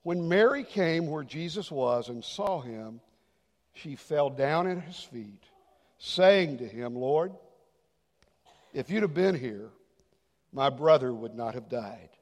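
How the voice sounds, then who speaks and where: A man preaching a sermon as pastor, swinging from loud emphatic lines to hushed, near-whispered ones. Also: medium pitch, expressive, takes it slowly, pauses often, big-room sound.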